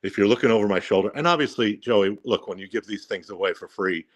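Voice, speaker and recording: A man's voice: on the low side, quick pace. A man interviewing a trading host, asking enthusiastic, leading questions.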